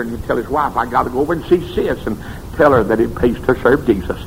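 A man preaching a revival sermon, telling stories and swinging between shouted peaks and hushed low passages. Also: quick pace, a little hiss or hum, rough recording.

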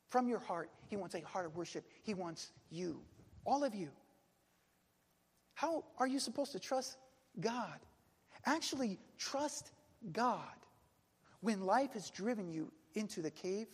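A man preaching a sermon earnestly, dropping soft then pressing hard. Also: sits high, lively intonation, a little slow, pauses often, slightly rough, long reverb tail. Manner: earnest, swings between soft and emphatic.

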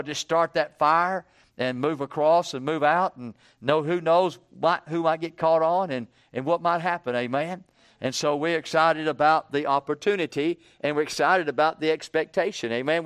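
A man preaching revival in a smooth, resonant voice pitched a little high. He calls "amen?" to the congregation. He builds to loud, drawn-out emphasis. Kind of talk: revival sermon.

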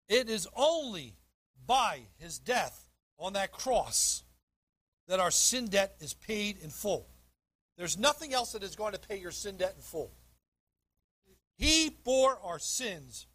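A man with a high, husky voice delivers a sermon from the pulpit. He reads scripture aloud verse by verse and leans hard on the words he wants to land. His preaching is emphatic and direct. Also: fairly bright tone. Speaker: pastor.

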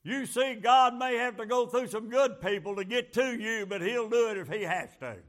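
A man's voice: very high voice, normal speed, fairly bright tone. A man preaching a fervent, folksy sermon full of rhetorical questions.

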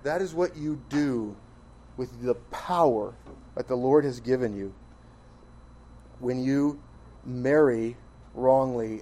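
A medium-pitched male pastor preaches emphatically, packing his sermon with rhetorical questions and swinging between loud stresses and quiet asides.

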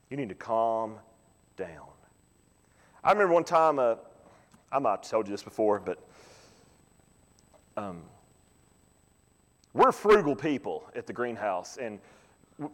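Guy preaching a sermon, chatty and folksy, kinda high voice, big echoey church. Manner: folksy, conversational preaching with humor. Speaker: pastor. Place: church sanctuary. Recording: long church reverb.

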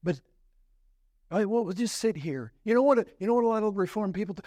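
A man preaching a sermon as pastor, emphatic and swinging between loud urgent questions and hushed, slow passages. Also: high voice, lively intonation, no echo, studio quality.

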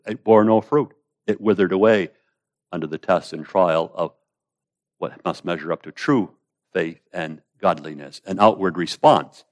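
Male preacher, low voice, declamatory sermon delivery with hushed asides. Casting note: quotes old-style scripture. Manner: declamatory, swinging between raised emphasis and hushed asides.

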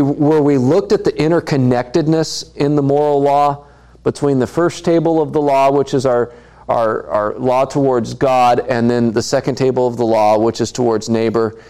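A man's voice: mid-range voice, warm tone. A man preaching a sermon, putting questions to the congregation and repeating key lines for emphasis. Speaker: pastor.

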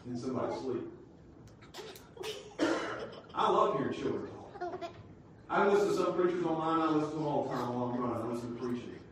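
A male pastor preaching a sermon, emphatic, rising to shouts and dropping to quiet teaching. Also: fairly high pitch, fast talker, slight background noise. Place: church sanctuary. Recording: echoey church hall from far off.

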